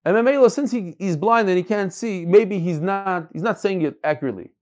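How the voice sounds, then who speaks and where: A man's voice: high voice, a little fast. A man teaching a Talmud class, reading passages aloud and explaining them, often repeating words as he searches for phrasing.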